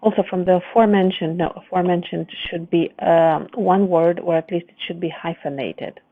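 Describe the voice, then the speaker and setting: A low-voiced woman tutor reads through a student's essay, pausing to fix words and explain each change. The sound is dry and narrow, like a phone line. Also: fairly even intonation, no room sound. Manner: reads the text aloud, then stops to correct and explain. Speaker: English writing tutor. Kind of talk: essay correction lesson.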